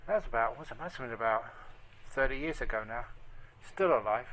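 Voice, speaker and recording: A man giving a storytelling dharma talk as a monk, speaking gently and dropping to a near whisper at tender moments. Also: mid-range voice, expressive, fairly quick, low-quality recording. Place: meditation group hall.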